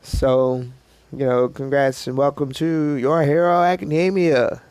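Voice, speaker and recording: A man's voice: medium pitch, fairly even intonation, unhurried, darkish tone, smooth, dry recording. A man casually narrating an improvised fan story, rambling and self-deprecating.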